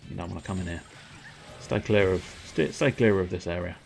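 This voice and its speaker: A man playing a gruff male border guard who warns someone off in a low, quiet voice. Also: a little fast, a little hiss or hum. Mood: stern warning.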